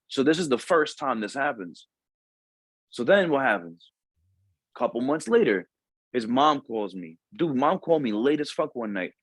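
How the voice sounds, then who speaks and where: A man's voice: medium pitch, very animated, normal speed, husky, no room sound. A young adult man, a Marine recruiter, telling a story in a casual podcast chat, slangy and profane, and acting out the voices of the people he quotes.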